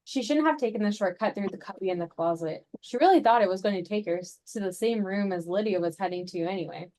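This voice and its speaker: A woman reading aloud her own suspense story at a writing workshop, in a steady, even storytelling voice. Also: medium pitch, fast.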